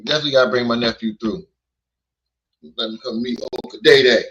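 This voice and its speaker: A man's voice: mid-range voice, steady tone, fairly quick, a bit bright, highs cut off. A man hosting a casual livestream, joking and swearing as he talks to his chat. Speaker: livestream host. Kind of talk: casual commentary stream. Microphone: streaming mic.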